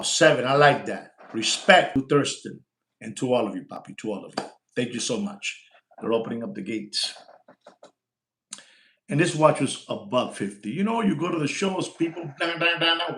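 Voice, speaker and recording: A man's voice: medium pitch, lively intonation, a little hiss or hum. Brash male watch dealer, live-stream patter, repeats himself, slips into Spanish slang, echoey room. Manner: brash, rapid switching between English and Spanish slang; repeats lines and shouts for likes. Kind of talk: casual live-stream sales talk.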